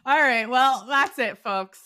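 A woman co-hosting a podcast banters with her guest and giggles often. Her voice is bright and sits a little high. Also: takes it slowly, clean tone. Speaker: podcast co-host. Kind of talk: casual chat.

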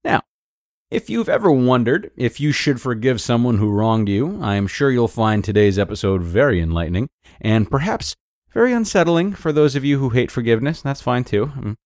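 A man hosting a podcast, calmly narrating a blog post in a measured way. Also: mid-range voice, dry recording, studio quality. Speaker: host.

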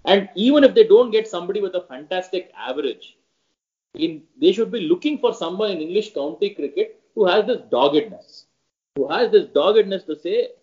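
Animated man, slightly high voice, lo-fi. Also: brisk. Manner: animated, repeats phrases for emphasis. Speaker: podcast guest. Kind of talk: casual cricket discussion. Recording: dull lo-fi audio.

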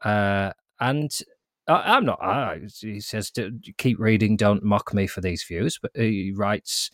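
Brief: lower-voiced male podcast co-host, jokey, dry close recording. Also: slow, no echo. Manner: jokey, self-mocking, playful asides. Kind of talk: casual chat, reading listener messages.

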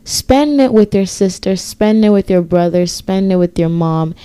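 Mellow, affectionate woman podcast host. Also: mid-range voice, normal speed, clear, resonant tone. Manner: affectionate, easygoing, laughs often. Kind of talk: casual podcast chat.

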